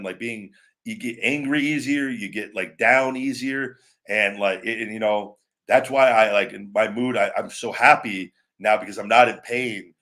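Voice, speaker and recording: A man's voice: mid-range voice, fairly bright tone. A man hosting a live show, talking casually in a rambling way with many restarts and asides to viewers. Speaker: show host. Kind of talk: casual live-stream chat.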